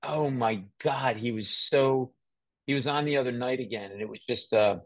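A man hosting a casual podcast chat, his voice pitched in the middle range. He tells stories with animated energy, laughing often. The sound is dry and close. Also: normal speed, no echo. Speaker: podcast host.

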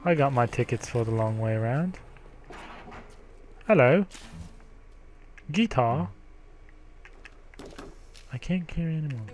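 A man giving gameplay commentary, profane, grumbling and yelling at the game. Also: medium pitch. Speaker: let's play gamer.

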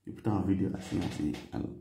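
Nigerian Pidgin man telling a story, mellow voice. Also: low voice, very fast, vocal fry, roomy sound, a little hiss or hum. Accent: Nigerian Pidgin English. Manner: animated, acts out quoted dialogue, laughs often. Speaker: vlogger. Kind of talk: casual storytelling to camera.

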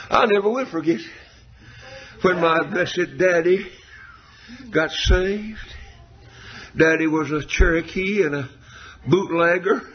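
A man preaching a revival sermon with fervor, shouting and half-singing his lines in surges. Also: high-pitched. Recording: dull lo-fi recording.

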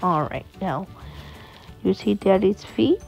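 A woman's voice: mid-range voice, animated, slow pace, vocal fry, a little mellow, highs cut off, soft background music. Woman doing a doting, coaxing dad. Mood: tender. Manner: coaxing, scolding when needed. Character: doting young father, gentle but firm.

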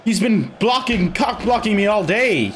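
A young man giving loose live commentary on his own football video game, swearing and shouting at his players. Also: sits high, expressive, normal speed, background noise. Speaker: gaming video creator.

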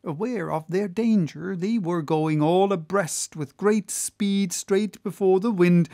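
An audiobook narrator reading a classic novel in a measured, unhurried manner. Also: mid-range voice, darkish tone, no room sound, studio quality.

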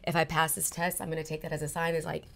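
A woman's voice: low-pitched, level tone, fast, vocal fry, a bit bright. A woman guest in a casual interview, animatedly telling a personal story and acting out her own past conversations.

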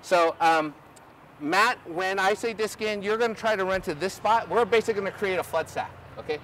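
Guy with a high voice running a drill on a field, keeps asking okay?, a bit of hiss. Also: brisk. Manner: energetic, instructive, checks in with "okay?". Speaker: ultimate coach. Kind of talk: outdoor coaching clinic demonstration. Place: outdoor field.

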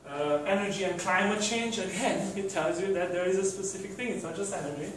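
A man's voice: high voice, fairly quick, a little hiss or hum. A man giving a university lecture, hesitant, with many fillers and restarts. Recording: very echoey room from far off.

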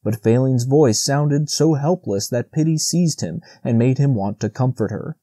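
Mellow-voiced male audiobook narrator. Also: mid-range voice, normal speed, husky, no echo, clean studio sound. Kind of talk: scripted narration.

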